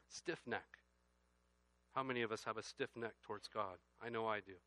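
A man preaching a sermon, reading scripture aloud and rising from quiet reflection to loud, emphatic passages. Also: mid-range voice, fairly even intonation, normal speed, no echo. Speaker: pastor.

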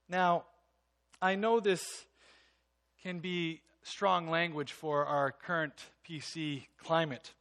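A male pastor with a high, bright voice delivers a sermon. He reads a passage aloud, then explains it with earnest emphasis. He often sinks to a hushed tone to drive a point home.

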